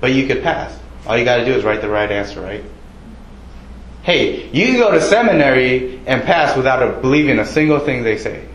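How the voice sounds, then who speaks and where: A man delivers a sermon in a loose, conversational manner, pausing often with ums and uhs. His voice sits at an ordinary middle pitch. The room around him rings with echo. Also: animated, dull audio, slight background noise. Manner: casual, conversational preaching with many fillers. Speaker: preacher. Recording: echoey room.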